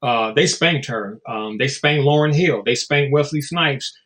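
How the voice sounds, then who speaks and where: A man's voice: medium pitch, a little slow, fairly bright tone. A man speaking as a guest in a casual interview, blunt and profane, telling stories and acting out quotes. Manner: storytelling with acted-out quotes.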